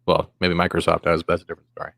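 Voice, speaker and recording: A man with a very low voice, speaking as a panelist on a casual gaming stream. He explains his point at length in an argumentative, opinionated way. His delivery is unpolished and conversational. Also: monotone, rapid-fire, gravelly, fairly bright tone, no echo. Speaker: guest panelist. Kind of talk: casual chat on a live stream.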